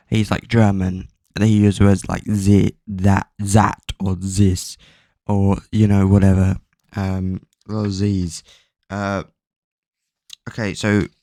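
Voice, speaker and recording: A man with a lowish, gravelly voice talks through a story recap in a loose, rambling way, swearing often and filling gaps with ums. The sound is dry and close, recorded at home. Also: a little mellow, no echo. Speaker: book plot summarizer. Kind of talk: casual plot recap. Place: at home, bedroom with a cat.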